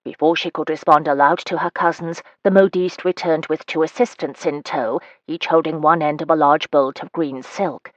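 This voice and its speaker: Low-voiced woman narrating a romance. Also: steady tone, moderate pace, hardly any pauses, no echo, lo-fi sound. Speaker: audiobook narrator. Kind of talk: scripted narration of a romance novel.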